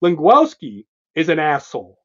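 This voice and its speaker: Animated man, dull lo-fi sound. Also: a little high, moderate pace. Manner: animated, emphatic, keeps pointing at panels. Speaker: co-host. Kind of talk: excited comic book discussion.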